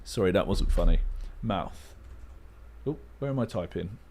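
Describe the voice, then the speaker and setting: A man's voice: low-pitched, lively intonation, normal speed, darkish tone, slight background noise. A young man hosting a casual livestream, muttering word guesses aloud with playful, self-mocking asides. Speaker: livestream host. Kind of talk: casual livestream chat while playing a word game.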